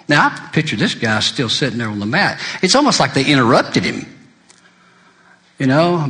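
A male preacher delivering a sermon, shifting between loud emphasis and quiet intensity and quoting scripture in old-fashioned wording. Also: fairly high pitch, very animated, moderate pace.

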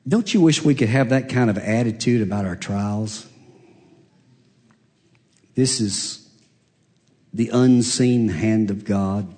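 A man preaching a sermon, earnest and confessional, swinging from raised emphatic peaks down to near-whispered hushes. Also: takes it slowly, long pauses. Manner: emphatic, rising high then dropping to near-hush.

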